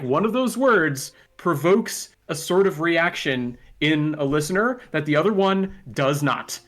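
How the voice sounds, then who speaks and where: Male podcast guest, slightly higher voice, thoughtful and given to long reasoning. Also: a bit bright. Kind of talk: casual chat.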